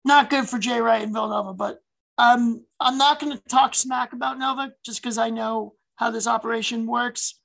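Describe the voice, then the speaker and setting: A woman's voice: fairly high pitch, fairly even intonation, moderate pace, creaky, fairly bright tone, low-quality recording. A woman co-hosting a sports podcast, chatting casually and animatedly with plenty of fillers. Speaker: podcast co-host.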